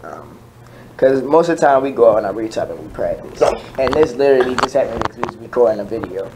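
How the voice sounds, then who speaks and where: A man's voice: medium pitch, noisy background. A man, a guest performer, telling a long run-on story in an earnest, plain way. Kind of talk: casual storytelling.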